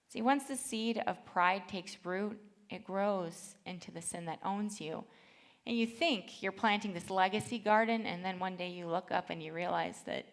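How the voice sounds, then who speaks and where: Speaking from the pulpit, a thirtyish woman with a mid-range voice reads Bible passages with heartfelt sincerity. She also livens her preaching with stories from her own family.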